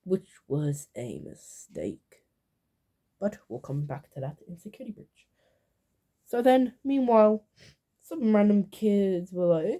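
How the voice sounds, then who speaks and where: A woman's voice: medium pitch, very animated, measured pace, warm tone. A woman YouTuber talking through a video game timeline in casual commentary, rambling with lots of fillers and offhand asides.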